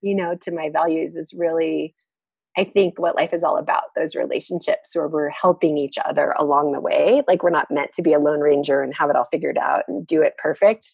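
Woman, casual talk, laughs often, husky, dry close sound. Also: deep voice, fairly even intonation, brisk, no room sound. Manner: warm, laughs often, reflective. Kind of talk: casual conversation.

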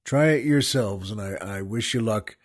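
A man's voice: fairly low pitch, moderate pace. An older man hosting a talk show, telling a rambling, wry story with small laughs and restarts. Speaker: podcast host. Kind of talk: casual storytelling monologue.

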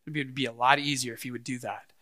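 Here a middle-aged pastor preaches with animation, swinging from loud stretches to quiet ones. He speaks very fast at a medium pitch.

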